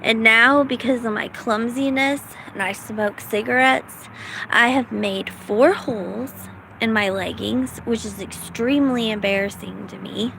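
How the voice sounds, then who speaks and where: A woman's voice: fairly high pitch, a little slow, creaky, background noise. A middle-aged woman from the United States, rambling casually in a self-deprecating vlog with lots of fillers. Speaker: vlogger.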